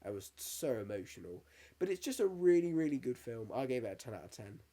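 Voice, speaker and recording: A man's voice: medium pitch, very animated, brisk, mellow. A man in his thirties, co-hosting a podcast in casual chat, candid and sweary, getting emotional as he tells stories. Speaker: podcast co-host.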